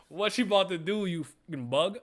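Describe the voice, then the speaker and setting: A man giving casual, slangy reaction commentary, excitable and laughing often, jumping into high yelps and exclamations. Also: normal speed. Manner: slangy and profane banter. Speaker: webcomic reaction host.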